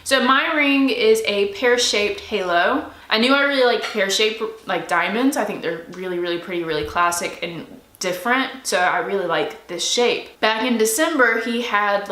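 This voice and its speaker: Bright-voiced young woman telling a story. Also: mid-range voice, reverberant. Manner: excited, chatty, animated retelling. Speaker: vlogger. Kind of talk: casual storytelling to camera.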